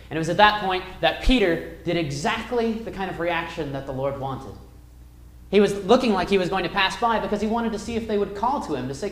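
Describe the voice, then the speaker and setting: A man teaching a Bible class, reading verses aloud and retelling the story with wide swings in loudness. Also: sits high, lively intonation, fairly quick. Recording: echoey room.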